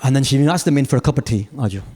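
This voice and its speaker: A male stand-up comedian telling stories on a large theatre stage, punchy asides building to shouted rants. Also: mid-range voice, rapid-fire, a little hiss or hum.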